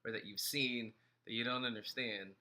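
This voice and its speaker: A man's voice: medium pitch, steady tone, normal speed, pushed and bright. A man co-hosting a casual talk show, asking curious questions and giving brief affirmations. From immigrant family. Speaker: co-host. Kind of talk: casual conversational chat.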